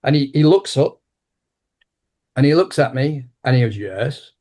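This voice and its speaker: A man in his sixties, an interview guest and martial arts teacher, telling an anecdote with lively restarts. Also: on the high side, normal speed. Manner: animated anecdotal storyteller with frequent restarts. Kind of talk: conversational interview storytelling.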